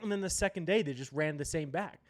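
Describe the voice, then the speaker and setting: A man hosting a sports podcast, ranting heatedly with plenty of profanity and sudden loud outbursts. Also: fairly high pitch, quick pace. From United States.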